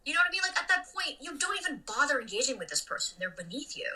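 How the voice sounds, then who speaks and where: A woman comedian chatting casually as a podcast guest, blunt and animated, swinging between loud remarks and muttered asides. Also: sits high, racing, distant mic, poor audio.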